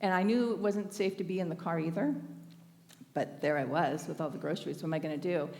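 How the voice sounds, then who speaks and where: Woman speaker, sermon by anecdote, chatty with frequent laughs, fry in the voice. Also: fairly low pitch, fast, big-room sound. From Northern California. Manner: conversational, laughs often, warm anecdotes. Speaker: speaker at a spiritual thanksgiving service. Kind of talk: storytelling sermon.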